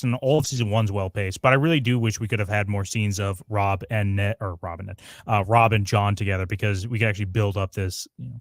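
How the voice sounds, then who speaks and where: A man with a lowish voice chats casually about a show, sarcastic and mocking. He sounds close and dry on a livestream mic. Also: dry recording. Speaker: podcast co-host. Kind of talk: casual review chat.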